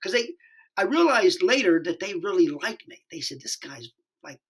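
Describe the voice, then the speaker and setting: A man, a stand-up comedian guesting on a podcast, telling an animated, profane anecdote and acting out the people in it. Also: high voice, normal speed, husky. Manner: profane, acts out the dialogue in his story.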